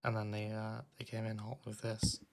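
A co-host talks about music in a relaxed, halting way, restarting phrases as thoughts form. The voice has a gravelly fry to it, and the humor is dry and teasing. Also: medium pitch. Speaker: podcast co-host. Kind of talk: casual chat about music.

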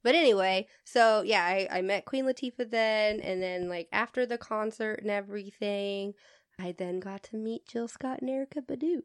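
Animated, foul-mouthed woman co-host. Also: medium pitch, normal speed, clean tone, no echo, clean studio sound. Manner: animated, swears freely, tangents and laughter. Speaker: podcast co-host. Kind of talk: casual chat.

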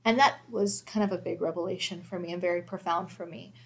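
Her voice sits lowish and steady, and she talks quickly. This mother of four in her thirties reflects candidly during a relaxed faith chat, leaning on plenty of fillers.

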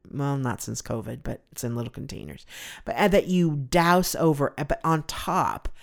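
A woman's voice: deep voice, darkish tone. A middle-aged woman from California hosting a solo podcast, rambling and gushing with emotion about a favorite food. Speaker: podcast host. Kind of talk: casual solo podcast chat.

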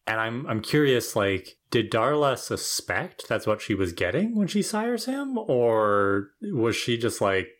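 A co-host talks through a story in relaxed podcast chat. The voice sits at a middle pitch. The tone is thoughtful and full of questions. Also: a little slow, few pauses. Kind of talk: casual recap chat.

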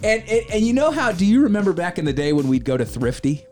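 Animated storytelling man. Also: high-pitched, fast, soft background music. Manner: animated, acts out quoted voices, swears casually. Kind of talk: casual chat, storytelling.

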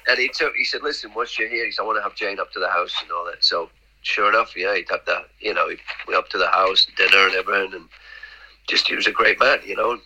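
A man's voice: deep voice, fast talker, pushed and bright, slightly rough, low-quality recording. A middle-aged man, a podcast guest rambling through anecdotes, repeating words and acting out the dialogue. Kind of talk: casual anecdotal storytelling.

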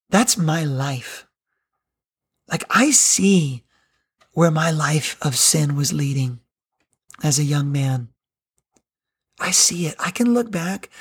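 Slow, husky-voiced preaching man. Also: fairly high pitch. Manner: earnest, conversational preaching. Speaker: pastor. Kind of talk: sermon.

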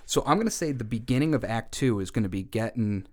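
Guy brainstorming a movie plot with a friend, animated, jumping into quick character voices. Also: mid-range voice. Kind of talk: casual brainstorming chat.

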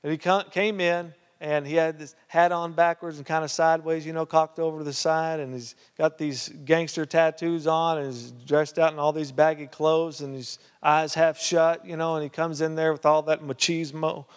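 Guy preaching a sermon story, kinda high voice, chatty with lots of uhs, long church reverb on it. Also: moderate pace, few pauses, clean tone. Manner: conversational, lots of "uh" and "you know", grows animated. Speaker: pastor. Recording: reverberant hall sound.

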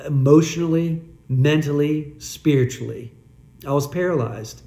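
Slow, mellow man giving a testimony. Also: a little high, echoey room. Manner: slow, earnest and confessional. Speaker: church member giving testimony. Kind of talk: recorded personal testimony.

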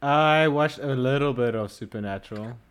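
Quiet hesitant man on a podcast. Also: medium pitch, normal speed, clean tone. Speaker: podcast co-host. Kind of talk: casual podcast chat.

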